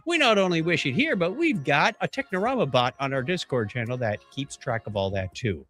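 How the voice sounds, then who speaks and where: A man's voice: on the high side, animated, brisk, a bit bright. An older man co-hosting a tech podcast in a casual, jokey way, reading out listener birthdays and news stories. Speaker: podcast co-host.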